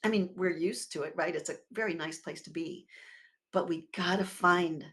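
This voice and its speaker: A woman minister giving a sermon in a conversational, expressive way, swelling and dropping her volume and leading the congregation in repeating words together. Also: fairly low pitch, normal speed. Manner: expressive with sudden swells and drops in loudness.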